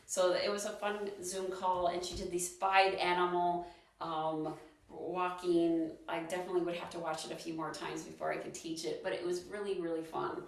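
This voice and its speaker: A woman leading a free online movement class, chatting casually with many ums and restarts between gentle instructions. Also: on the low side, flat delivery, normal speed, heavy reverb, recorded from a distance. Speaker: movement and wellness class leader.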